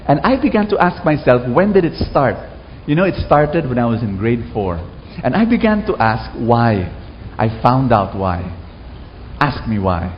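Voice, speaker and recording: A man's voice: medium pitch, normal speed, big-room sound, dull audio, a little hiss or hum. A man with a Filipino accent preaching a sermon to an audience, calling for responses and telling stories from his childhood. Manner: lively, calls for audience responses. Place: large hall with an audience.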